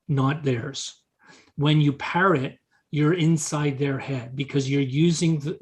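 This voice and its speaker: A man teaching a live real estate seminar, often repeating short words as he quotes example dialogue to the audience. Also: mid-range voice. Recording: meeting talk to an audience.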